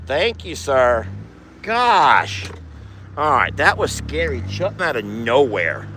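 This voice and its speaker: A man's voice: on the high side, very animated, a little slow, sharp tone. A man, a ranch owner vlogging outdoors from a side-by-side and sweet-talking his animals. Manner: doting, talks baby talk to animals. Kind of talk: casual vlog narration.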